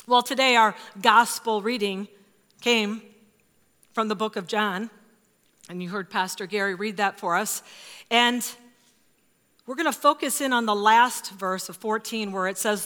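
A woman in her fifties preaching a sermon in a church, expressive and emphatic, sometimes dropping to a hush. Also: mid-range voice, unhurried, pauses often. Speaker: pastor. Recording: reverberant church hall.

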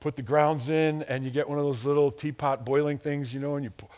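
A male pastor from the Chicago area preaching a sermon, animated and playful, acting out quotes and chuckling at his own asides. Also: brisk. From Chicago area, USA. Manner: animated, acts out quotes with big pitch jumps.

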